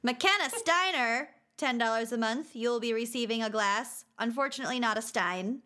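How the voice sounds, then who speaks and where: A woman's voice: a little high, normal speed, sharp tone. A woman co-hosting a podcast, thanking supporters in a bubbly, giggly casual chat. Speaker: podcast co-host.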